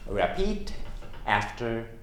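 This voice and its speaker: A man telling a story to his viewers, slow and deliberate, with a voice that swings widely in pitch. He talks playfully and expressively and sometimes breaks into song-like chants. The room is echoey with a faint ambience underneath. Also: big pitch swings, fairly bright tone, a little hiss or hum. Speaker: storyteller and teacher. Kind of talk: storytelling with audience participation. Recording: roomy echo, faint ambience.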